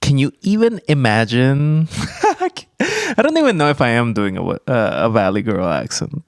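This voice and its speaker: A man co-hosts a casual podcast, teasing and cracking deadpan jokes. His pitch swings widely as he cuts in on his co-host. The recording is close and dry. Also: measured pace, dry recording.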